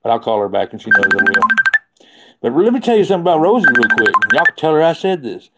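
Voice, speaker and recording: A man's voice: on the high side, sing-song, fast, over loud music. Rambling man on a phone livestream. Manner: rambling, chatty, laughs often. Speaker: livestream host. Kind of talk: casual livestream chat.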